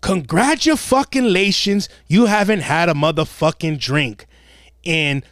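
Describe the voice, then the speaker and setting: High, animated man ranting crudely. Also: normal speed, no room sound, studio quality. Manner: crude, loud, swears constantly. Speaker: podcast co-host. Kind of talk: profane comedic rant.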